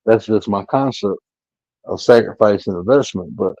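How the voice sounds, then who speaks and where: A man talking bluntly and profanely from home on a live-stream panel, telling animated stories with laughter. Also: lowish voice, normal speed, dry recording, highs cut off.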